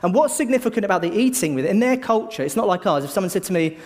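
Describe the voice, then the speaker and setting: A middle-aged man preaching a sermon, telling the story lively and acting out the voices of a crowd. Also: sits high, quick pace, few pauses, long reverb tail.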